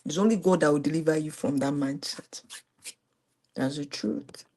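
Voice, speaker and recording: A middle-aged woman with a Nigerian accent, telling a personal story to a live audience, her voice swinging from high exclamations to quiet low asides. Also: moderate pace. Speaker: host.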